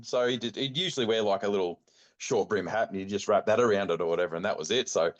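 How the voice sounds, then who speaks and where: A man's voice: fairly low pitch, quick pace, muffled recording. Middle-aged Australian man spinning a yarn. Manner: animated yarn-spinning, acts out quotes, laid-back slang. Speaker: podcast guest, bowhunting club chairman. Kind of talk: casual storytelling interview.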